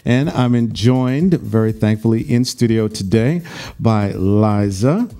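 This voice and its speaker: A man hosting a radio interview in a studio, chatty and relaxed, restarting his questions as he goes. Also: fairly low pitch, measured pace. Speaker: radio show host. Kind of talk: casual interview.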